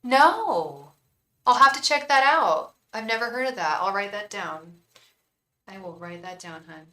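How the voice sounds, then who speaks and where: Chatty woman tarot reader with a bright voice. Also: mid-range voice, expressive, measured pace, rough recording. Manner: rambling, chatty, talks straight to viewers by name; casual slang, calls viewers "girl" and "hun". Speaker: tarot reader and psychic on a live stream. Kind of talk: casual live-stream chat and card reading.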